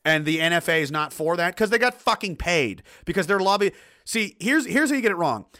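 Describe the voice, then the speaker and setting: A middle-aged man hosting a casual livestream, reading out viewer comments and ranting in a blunt, profane way. His voice is bright and forceful. He rambles, stumbles over restarts, and breaks into heated outbursts. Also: high voice, sing-song, brisk.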